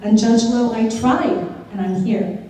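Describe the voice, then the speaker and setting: A newly appointed judge, a middle-aged woman, gives an unhurried, grateful thank-you speech at a ceremony in a fairly high, mellow voice. She's heartfelt, adding touches of humor to her stories. Picked up from afar, the sound is roomy and distant with the long echo of a big hall.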